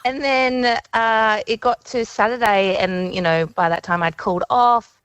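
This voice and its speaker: A woman's voice: mid-range voice, steady tone, normal speed, fairly bright tone, clean tone, no room sound, dull audio. A woman caller telling a story ruefully and hesitantly, with many ums. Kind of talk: recorded phone-in chat.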